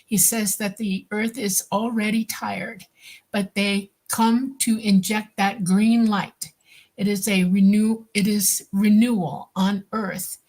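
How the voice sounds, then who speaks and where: A woman's voice: mid-range voice, darkish tone. Woman describing visions under hypnosis. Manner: slow, halting, describing visions. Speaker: hypnosis client.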